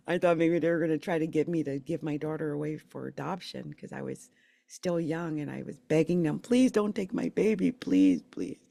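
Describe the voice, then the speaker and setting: Gravelly candid woman telling her story. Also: sits low, steady tone, dark tone, dry recording. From Philadelphia area, US. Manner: rambling, candid, emotional, halting with restarts. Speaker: channel host sharing her life story. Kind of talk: personal storytelling monologue.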